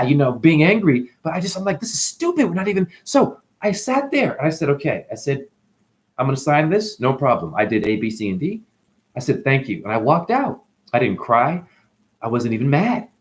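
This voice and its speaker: A man talking straight to camera in a rambling, animated monologue, swearing and swinging between loud outbursts and muttered asides. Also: a little high. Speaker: vlogger.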